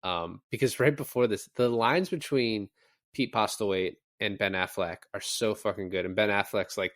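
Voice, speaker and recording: A man co-hosting a podcast, casually reviewing a film and retelling its scenes with animated, profane enthusiasm. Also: fairly low pitch, normal speed, no echo, clean studio sound. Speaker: podcast co-host. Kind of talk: casual movie review chat.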